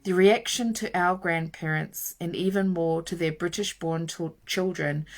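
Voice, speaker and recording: A woman host reading a nonfiction book aloud in a measured, emphatic way, stressing each item in her lists. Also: low voice.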